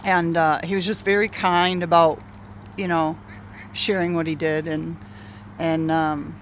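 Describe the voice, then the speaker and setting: A woman's voice: fairly low pitch, little pitch movement, measured pace. Candid woman rambling outdoors, faint traffic. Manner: candid, rambling, swears freely. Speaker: speaker sharing a personal story. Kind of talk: casual spoken storytelling. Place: outdoors near bushes in an urban area.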